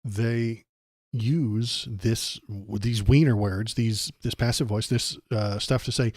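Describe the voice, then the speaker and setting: A man's voice: medium pitch, lively intonation, measured pace, darkish tone, husky, no echo, clean studio sound. A man hosting a political livestream, ranting sarcastically and tripping over his words. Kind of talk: casual political commentary.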